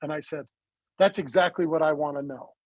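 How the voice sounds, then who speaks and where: A man with a high, husky voice talks as a guest on an interview, recorded close in a dry, dead space. He tells his story in a lively way and acts out the conversations as he goes. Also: a little fast, no echo, low-quality recording. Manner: animated storyteller who acts out quoted dialogue. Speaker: interview guest, supplement company founder.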